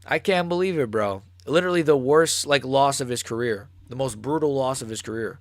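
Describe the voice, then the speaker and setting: A young man hosting a live fight reaction stream, ranting excitably and swearing, recorded close to the mic. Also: mid-range voice, brisk, few pauses, no room sound. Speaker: MMA channel host.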